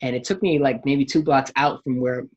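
A man telling a story in a casual chat, animated and acting out what people said. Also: medium pitch, moderate pace. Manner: animated storyteller, acts out quotes, laughs while telling. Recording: dull lo-fi sound.

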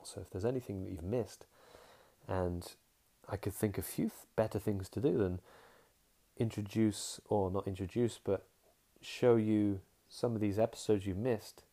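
A young man talks through a casual podcast monologue in a lowish voice with a gravelly edge. He rambles frankly, trailing off and restarting mid-thought. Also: warm tone. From England. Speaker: podcast host.

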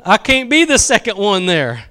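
A man's voice: sits high, wildly swooping pitch, normal speed, sharp tone, exaggerated voice. A man preacher acting out a self-righteous male churchgoer who huffily brushes off someone in need. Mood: dismissive.

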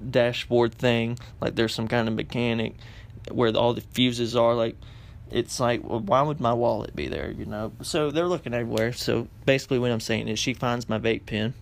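A man's voice: mid-range voice, fairly even intonation, moderate pace, vocal fry. A young man telling a funny story in a rambling way, with lots of fillers and restarts. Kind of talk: casual comedic storytelling.

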